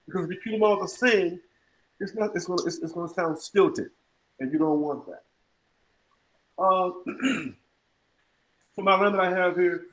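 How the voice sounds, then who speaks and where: Male jazz clinician, fairly high voice, scats examples mid-lecture, playful, video-call audio. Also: normal speed, pauses often, faint music behind, poor audio. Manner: scat-sings rhythm examples between explanations; animated, humorous teaching. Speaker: jazz music educator. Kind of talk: online music clinic lecture.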